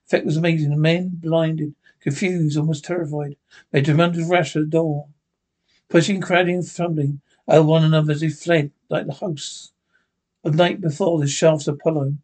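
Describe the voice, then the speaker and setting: A man reading a classic story aloud in an unhurried way, with occasional stumbles. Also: a little high, level tone, darkish tone. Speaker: narrator.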